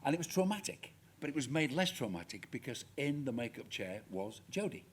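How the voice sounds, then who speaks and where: A man who acted as a child, telling lively stories as a guest on a live cinema Q&A panel. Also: mid-range voice, a little fast, husky. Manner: lively anecdotal, laughs as he tells. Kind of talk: storytelling on a panel. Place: cinema stage before an audience.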